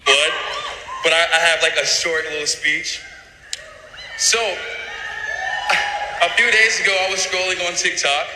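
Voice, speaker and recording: An excited man stumbles through a short impromptu speech to a live audience. His voice rings with long hall reverb and sits amid clear room ambience. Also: fairly high pitch, unhurried, long pauses, background noise. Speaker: speaker addressing a live audience. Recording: echoey hall recorded from a distance.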